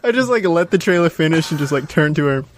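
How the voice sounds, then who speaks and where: A man co-hosting a casual podcast chat, telling jokey stories in an animated way. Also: a little high, quick pace, background noise. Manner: animated joking storyteller. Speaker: podcast co-host.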